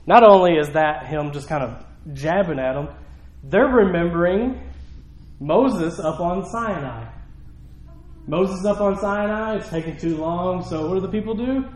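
Man, middle-aged pastor, high voice, casual sermon, hushed then emphatic. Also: unhurried, reverberant, slight background noise, low-quality recording. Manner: emphatic, swings from hushed asides to raised exclamations. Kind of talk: conversational sermon.

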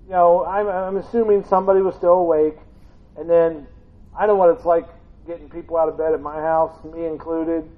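A man's voice: fairly high pitch, steady tone, moderate pace. A man preaching a conversational sermon, telling stories with humor and acting out voices from the reading. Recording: tinny phone-like sound.

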